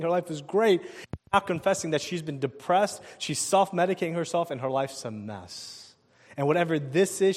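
A man preaching a sermon, telling a personal story with animated delivery, asking the crowd questions and chuckling often. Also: sits high. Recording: long hall reverb.

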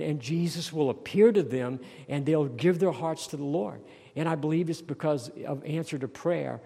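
A man preaching a sermon in an earnest tone, slowing down to read scripture and dropping soft when he prays. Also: on the high side, vocal fry, long reverb tail. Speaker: pastor.

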